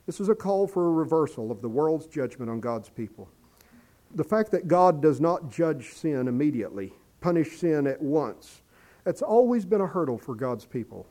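A man delivers a sermon in a warm, mellow voice that sits a little high. He is earnest, lifting into emphatic pleas and sinking low and soft when he reads scripture. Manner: earnest, rising to emphatic pleading; quotes scripture in a quiet lowered voice. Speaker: preacher.

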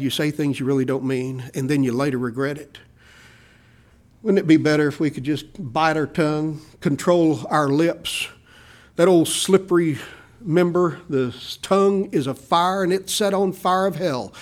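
A middle-aged man preaching a sermon, animated, acting out the people he quotes. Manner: animated preaching, voicing quoted people with rises in pitch and volume. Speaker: pastor.

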